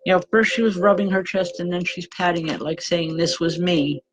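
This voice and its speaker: Earnest woman giving gentle spiritual readings. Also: lowish voice, fairly even intonation, fairly quick, background noise. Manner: earnest, gentle, relays messages hesitantly. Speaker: spiritual medium. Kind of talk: live online psychic readings.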